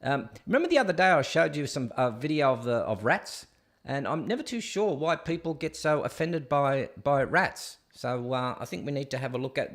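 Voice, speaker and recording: A man's voice: fairly high pitch, big pitch swings, normal speed. Ranting man hosting a livestream. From Australia. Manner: ranting, sarcastic, talks to viewers. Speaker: host. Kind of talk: opinionated live-stream commentary.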